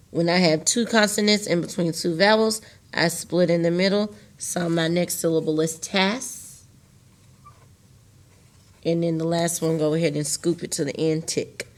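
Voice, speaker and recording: A woman's voice: fairly low pitch, a bit bright. Patient woman teaching a phonics lesson. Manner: patient, repeats key phrases and stretches words out for students. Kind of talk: recorded virtual phonics lesson.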